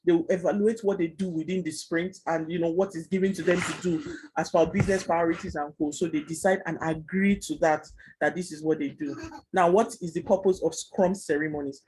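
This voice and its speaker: A man teaching a Scrum class online, explaining fast and chatty with many fillers. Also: a little high, steady tone, darkish tone, a little hiss or hum, poor audio. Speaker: Scrum trainer.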